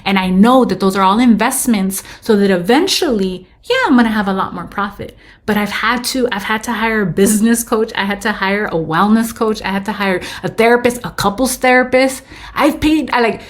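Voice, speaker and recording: A woman's voice: mid-range voice, fairly quick. A woman in her thirties, a podcast guest telling her story candidly and slipping into Spanish phrases. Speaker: podcast guest, business owner. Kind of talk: casual interview storytelling.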